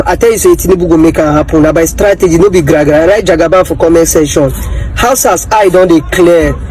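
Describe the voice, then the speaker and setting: A man's voice: on the high side, fairly quick, darkish tone, soft background music, some chatter behind, rough recording. A man with a Nigerian Pidgin accent talking boastfully to camera, with a sing-song lilt. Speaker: commentator.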